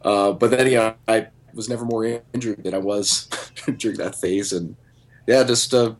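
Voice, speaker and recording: A man's voice: on the low side, steady tone, moderate pace. A man in his forties in casual podcast chat, speaking thoughtfully with some hesitation.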